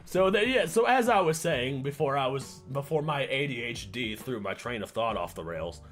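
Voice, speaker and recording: A man's voice: medium pitch, animated, normal speed, a bit bright, faint music behind. A man livestreaming and chatting casually with his viewers, rambling, stammering and repeating words, laughing often and getting sidetracked.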